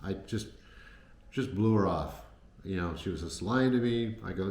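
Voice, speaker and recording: A man with a deep voice tells his travel stories casually, full of restarts and fillers. He sounds like he is in an echoey room, with a faint hiss behind him. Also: lively intonation, moderate pace. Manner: rambling, many fillers and restarts. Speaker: travel vlogger. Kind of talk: casual storytelling to camera.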